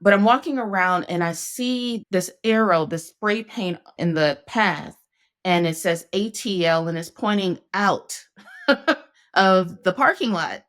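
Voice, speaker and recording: A woman's voice: mid-range voice, takes it slowly, fairly bright tone. A woman hosting a casual conversation, telling her story in an earnest, reflective way. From Northeast Ohio, USA. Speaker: podcast host.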